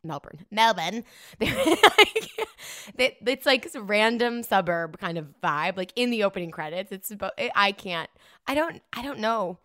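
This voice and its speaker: A woman's voice: mid-range voice, very animated, moderate pace, pushed and bright, no room sound, studio quality. Giggly woman rambling on a podcast. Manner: rambling, giggly, self-deprecating. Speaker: podcast co-host. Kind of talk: casual chat.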